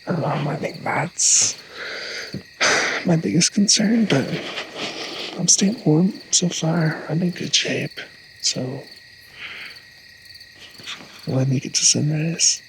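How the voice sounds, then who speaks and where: A man's voice: on the high side, expressive, slow pace, pauses often, slight background noise, rough recording. A man vlogging casually while camping outdoors in a truck bed, chatty and poking fun at himself. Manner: chatty, self-mocking, laughs at himself. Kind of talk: casual vlog chat.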